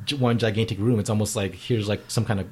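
A man co-hosting a podcast in casual chat, blunt and quick to swear. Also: on the low side, steady tone, breathy edge. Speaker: podcast co-host.

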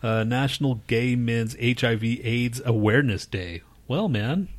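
A man's voice: medium pitch, a little slow. A man co-hosting a podcast, rambling through crude casual banter, swearing freely and laughing often. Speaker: podcast co-host.

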